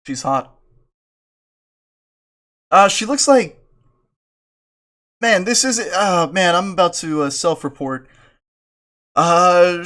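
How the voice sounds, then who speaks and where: A man's voice: sits high, lively intonation, slow, long pauses, a bit bright. Joking man reading a game aloud. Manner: playful, joking, self-mocking. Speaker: streamer reading a visual novel aloud. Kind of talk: casual let's-play commentary.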